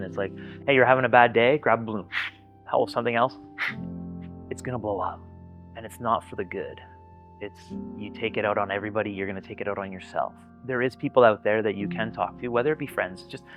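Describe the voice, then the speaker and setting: A man's voice: lowish voice, fairly bright tone. A man giving candid personal testimony in an interview, talking earnestly and bluntly, swearing freely and often repeating words as he starts a thought. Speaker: interviewee sharing personal experience.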